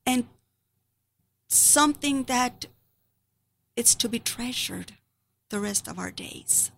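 A woman's voice: on the high side, takes it slowly, creaky, a bit bright. A middle-aged woman giving an earnest, grieving personal testimony about her family.

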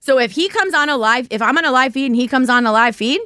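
A bright, high-pitched woman telling funny stories in casual chat. Her voice swings widely as she acts out what others said, and she breaks into laughter a lot. The sound is close and dry. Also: quick pace, clean tone, no room sound. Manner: animated, laughing often, acting out quotes. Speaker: podcast host. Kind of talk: casual live-stream storytelling.

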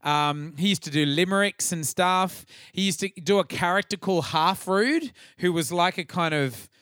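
A middle-aged Australian man hosting a podcast, telling stories in a casual, profane, animated way. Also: high-pitched, moderate pace, no echo, clean studio sound. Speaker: podcast host. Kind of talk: casual chat.

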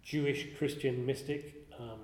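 A man giving a contemplative spiritual talk, speaking slowly and reflectively, often pausing and restarting his phrases. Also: mid-range voice, steady tone. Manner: slow and reflective, with frequent restarts and pauses. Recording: roomy hall with long reverb.

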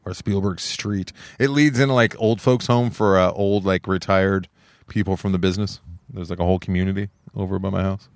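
A man's voice: low voice, fairly even intonation, a little fast, no room sound, studio quality. A man hosting a podcast, telling a rambling story and acting out the people in it. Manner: rambling storyteller, acts out quotes. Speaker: podcast host. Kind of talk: casual chat.

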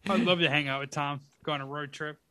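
A man's voice: fairly high pitch, steady tone, fast talker, pushed and bright, no room sound. A man co-hosting a podcast, joking and swearing in loose casual chat with many fillers. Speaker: podcast co-host.

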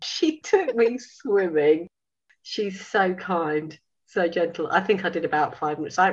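A woman in her fifties, a sewing school owner, telling a story in a lively way, acting out dialogue and laughing. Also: medium pitch, measured pace, breathy edge, highs cut off. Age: 50s. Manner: animated, laughing, acts out dialogue. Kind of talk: casual storytelling.

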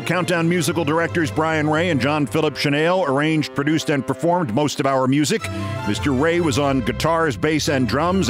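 A middle-aged man hosting a news commentary show, delivering a scripted monologue in an emphatic, sardonic way. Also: a little high. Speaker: host.

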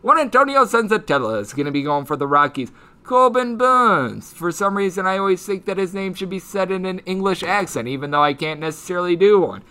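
A man hosting a sports betting podcast, running through team stats, player numbers and betting lines in rapid lists. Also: high voice, expressive, sharp tone, smooth. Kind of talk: solo sports betting analysis. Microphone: headphones and studio mic.

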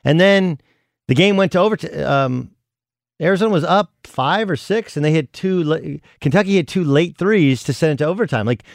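A man's voice: a little high, expressive, a little fast, gravelly, dry recording, clean studio sound. A middle-aged man co-hosting a sports radio show, chatting casually and rambling with many restarts. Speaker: guest co-host, college basketball analyst.

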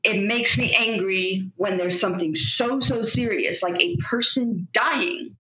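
A young woman speaks in a halting, tearful way, full of fillers and restarts. Her voice carries a roomy echo, and the sound is a bit dull. She sounds caught between anger and sorrow. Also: mid-range voice, a bit bright. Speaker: guest sharing grief. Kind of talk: emotional conversation.

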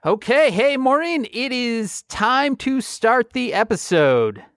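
A man's voice: very high-pitched, very animated, takes it slowly, a bit bright, no echo. A man co-hosting a podcast in casual chat, answering in short dry remarks with mild teasing. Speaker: podcast co-host.

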